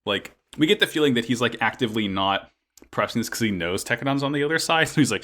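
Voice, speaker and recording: A man's voice: mid-range voice, lively intonation, fast, bright, forceful tone. A man co-hosting a casual podcast, recapping an episode in a joking, swearing way. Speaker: podcast co-host. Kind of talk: casual anime recap chat.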